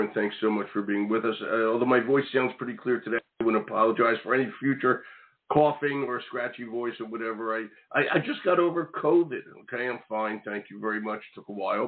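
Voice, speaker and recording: Chatty talk radio host, phone-like sound. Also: male voice, lowish voice. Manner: chatty, rambling.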